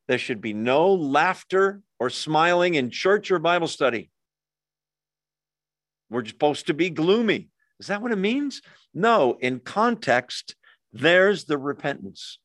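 A man's voice: on the high side, dry recording, studio quality. Conversational man teaching Bible study. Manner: conversational, with pauses, fillers and quick asides.

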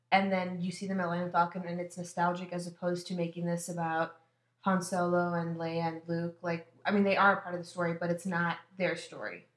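A woman co-hosting a podcast, chatting in an emphatic, opinionated way. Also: on the low side. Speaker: podcast co-host. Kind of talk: casual chat. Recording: roomy echo.

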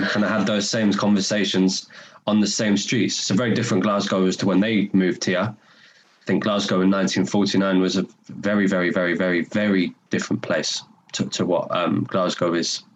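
A man's voice: deep voice, low-quality recording. A young man with a North London accent, a podcast guest chatting casually in an earnest, rambling way with many repeated words. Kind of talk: casual conversation.

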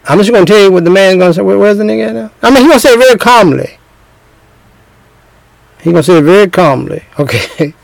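Gravelly man preaching relationship advice. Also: high voice, animated, fast, long pauses, no echo, rough recording. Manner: emphatic, repetitive, acts out scenes. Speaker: speaker giving relationship advice.

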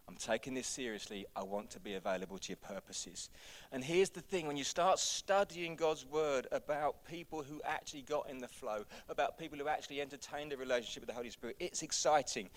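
A male pastor preaching a sermon in a church, building to loud, energetic exhortation. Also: mid-range voice. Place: church hall.

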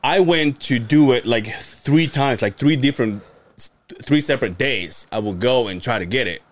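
A man's voice: mid-range voice, moderate pace. A man co-hosting a podcast, telling a long, crude story in a rambling way and laughing often. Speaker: podcast co-host. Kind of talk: casual storytelling chat.

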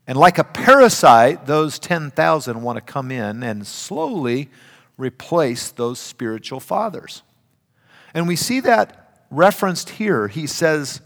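An older man preaching a sermon, emphatic, swinging between loud and hushed. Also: a little high, big pitch swings, a little slow. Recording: reverberant hall.

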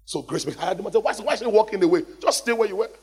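A man preaching a lively sermon in a church hall, calling out to the congregation for responses. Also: high voice, racing, slightly rough. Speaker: pastor. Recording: long hall reverb.

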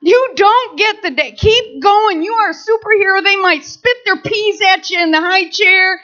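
A woman preaching a sermon to women, lively and playful, acting out little scenes. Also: very high voice, moderate pace. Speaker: women's ministry speaker. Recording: dull lo-fi recording.

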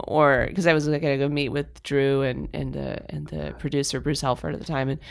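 Guest spot: middle-aged woman, deep-toned, lively anecdotal chatter. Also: normal speed, gravelly. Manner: animated storytelling, lots of "like". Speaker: guest actress. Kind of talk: casual chat.

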